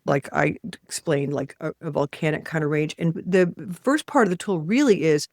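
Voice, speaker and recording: A woman's voice: deep voice, normal speed, no room sound, studio quality. A woman author as an interview guest, leading a guided exercise in an emphatic, blunt manner and swearing freely. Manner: animated, acting out voices in quotes.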